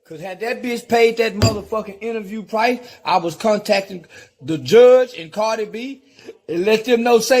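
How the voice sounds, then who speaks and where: A man delivering a loud, profane rant in a video clip, repeating his insults over and over. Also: high-pitched, moderate pace, faint music behind. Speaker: guest commentator in a played clip.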